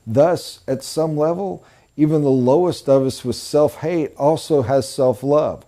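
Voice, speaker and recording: Man, sales trainer, middle-aged, emphatic, pitch leaps for emphasis, warm mellow tone. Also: unhurried. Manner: animated, emphatic, jumps to high excited pitch for emphasis. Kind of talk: live training lecture.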